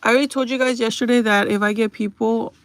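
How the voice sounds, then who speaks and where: A woman's voice: on the high side, fairly even intonation, fast, no echo. A young woman livestreaming from home on her phone, chatting casually and confidingly with viewers and bluntly brushing off trolls.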